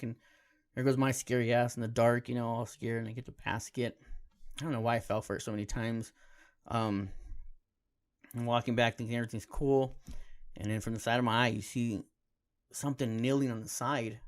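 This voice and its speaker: A man's voice: medium pitch, little pitch movement, a little fast. A man hosting a podcast on his own, telling personal stories in a laid-back, heartfelt way, peppered with casual slang. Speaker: podcast host. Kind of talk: casual solo podcast storytelling.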